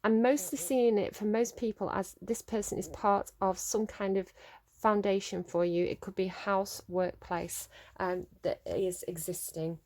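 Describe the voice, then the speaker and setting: Here is a woman talking through a tarot reading as if thinking out loud. She is halting and musing, with lots of ums and false starts. Her voice sits at an ordinary middle pitch. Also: steady tone. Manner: laughs at her own slips. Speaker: tarot reader. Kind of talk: solo tarot reading to camera.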